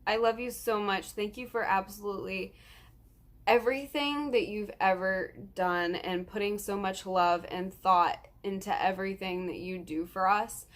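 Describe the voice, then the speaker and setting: A woman's voice: mid-range voice, normal speed. A nineteen-year-old woman vlogging, earnest and rambling with lots of ums, close to tears as she talks. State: tearful, close to crying. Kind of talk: emotional personal vlog.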